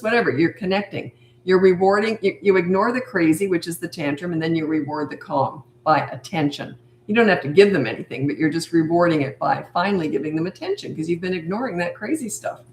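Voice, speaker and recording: On a live stream, an older woman who coaches parents speaks briskly in a low-leaning voice, answering viewer questions bluntly and firmly and saying her points again and again. The rough recording has an echoey room and slight background noise.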